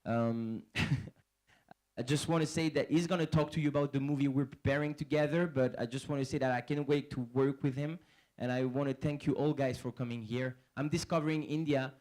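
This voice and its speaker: A man's voice: mid-range voice, fairly even intonation, moderate pace, a little mellow, poor audio. A young man with a French accent giving a joking stage speech, playful and laughing, often repeating words as he starts. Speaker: actor and comedian guest.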